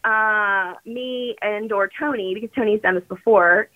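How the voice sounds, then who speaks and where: A woman calling in to a podcast, chatting in an animated, rambling way with lots of fillers. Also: mid-range voice, a little slow. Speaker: regular phone-in guest. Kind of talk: casual chat. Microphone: phone call. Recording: muffled phone line.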